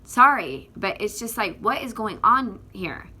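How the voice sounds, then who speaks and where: A woman's voice: mid-range voice, big pitch swings, measured pace, pushed and bright, slightly rough. A woman from Florida talks straight to camera in an impassioned vlog. She is tearful, and she rambles emphatically with many fillers and restarts. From Northwest Florida. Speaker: activist vlogger.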